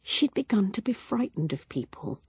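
A woman reading an audiobook in measured, expressive narration. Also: medium pitch, slightly rough, no echo. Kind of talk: scripted narration.

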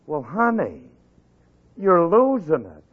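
A man's voice: on the high side, wildly swooping pitch, slow, husky, some chatter behind. A man with a Southern US accent, brash and boastful, doing 1940s radio comedy. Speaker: comedian bandleader guest. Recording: muffled old radio broadcast.

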